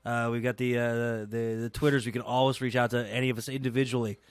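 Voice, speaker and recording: A man's voice: mid-range voice, level tone, fast talker, clean tone, no room sound. A man co-hosting a casual radio show, joking with wry asides.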